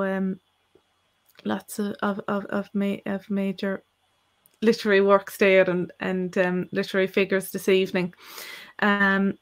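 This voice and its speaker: A woman's voice: mid-range voice, vocal fry. A woman co-hosting a live-stream language Q&A, explaining at length with frequent fillers and restarts. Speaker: co-host and Irish language teacher.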